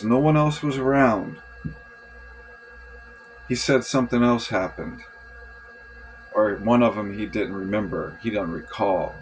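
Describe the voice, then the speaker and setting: A man's voice: lowish voice, unhurried, pauses often, faint music behind, low-quality recording. A man venting in a rambling, frustrated journal monologue, swearing often and restarting his sentences. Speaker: vlogger.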